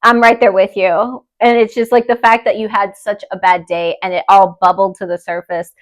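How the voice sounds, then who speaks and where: A young woman hosting a podcast, reading listener stories aloud and chatting in an expressive, openly emotional way. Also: medium pitch, moderate pace. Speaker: podcast host.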